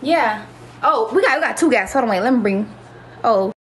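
A woman's voice: on the high side, animated, normal speed, fairly bright tone, a little hiss or hum. A woman hosting a casual livestream, talking to viewers in a brash, boastful, profane way. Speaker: livestream host.

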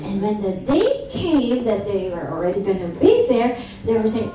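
A woman telling a children's story at a church service, animated, and often asking the children questions. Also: medium pitch, moderate pace, hardly any pauses, a little hiss or hum. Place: large church sanctuary. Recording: echoey church hall from far off.

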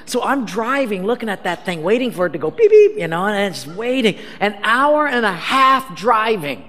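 High-voiced pastor preaching in a reverberant hall. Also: male voice, normal speed. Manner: animated, self-mocking storyteller acting out dialogue. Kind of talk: storytelling sermon.

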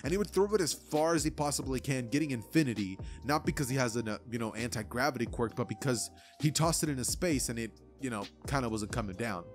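A man's voice: medium pitch, lively intonation, quick pace, hardly any pauses, faint music behind. A young man narrating a fan-made anime what-if story in a casual, rambling way.

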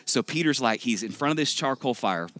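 This is a man preaching to a large congregation in a loose, conversational way, cracking jokes as he builds his point. His voice sits at an ordinary middle pitch and sounds close and dry. A faint bed of music runs quietly underneath. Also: a little fast, dry recording. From Texas. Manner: conversational, joking, animated preaching. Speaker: pastor. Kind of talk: sermon. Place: large church auditorium.

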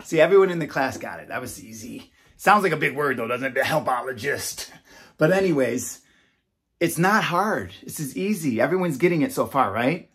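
A man with a husky voice, teaching slowly and repeating himself like a kindergarten teacher to a class. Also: a little high, animated, fairly bright tone. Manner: slow, repetitive, coaxing, talks to children as a class. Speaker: self-styled educator and founder. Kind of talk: slow teacher talk aimed at kindergartners.

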